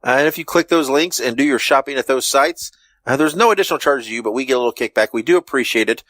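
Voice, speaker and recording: Host, halting plug read full of fillers, dry close sound. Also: male voice, medium pitch, fairly bright tone, dry recording. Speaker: podcast host. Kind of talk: show outro and plugs.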